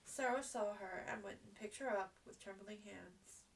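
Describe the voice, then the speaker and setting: A woman reading a novel aloud in a steady reading voice, with small restarts now and then. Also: medium pitch, moderate pace, gravelly, distant mic, rough recording. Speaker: audiobook reader.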